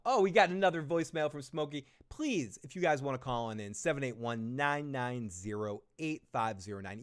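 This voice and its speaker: A man's voice: mid-range voice, smooth. A man hosting a live recap stream, chatting casually in a loose, joking, profane way.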